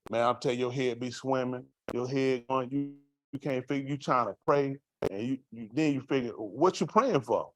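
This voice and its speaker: A man's voice: mid-range voice, little pitch movement, a little fast. A man giving a raw, vernacular testimony to a congregation, asking the room rhetorical questions as he tells his story. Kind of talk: street-life testimony to a congregation.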